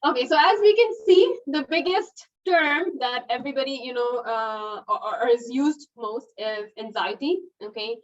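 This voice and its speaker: A woman hosting an online webinar in a chatty, casual way, laughing often and filling pauses with "okay" and "you know". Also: high-pitched. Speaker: webinar host. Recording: dull, distant webinar audio.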